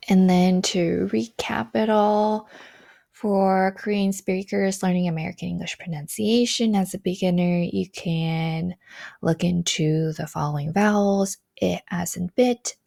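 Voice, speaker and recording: A young adult woman teaches pronunciation in an unhurried, methodical way, going through sounds and example words one at a time. Her voice sits a little low and has a gravelly edge, and she speaks very slowly. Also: a little mellow, dry recording, studio quality. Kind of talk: instructional explanation.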